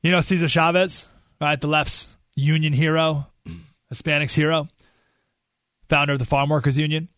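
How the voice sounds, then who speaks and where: A man's voice: a little high, normal speed, long pauses, no echo, clean studio sound. Emphatic male talk radio host. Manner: animated, emphatic, repeats words and restarts. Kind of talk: political talk radio monologue.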